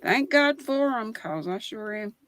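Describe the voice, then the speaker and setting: A woman's voice: a little high, lively intonation, a little slow, a bit bright, dry recording. An older woman, chatting casually as a guest on a video call. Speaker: guest panelist. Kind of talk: casual chat.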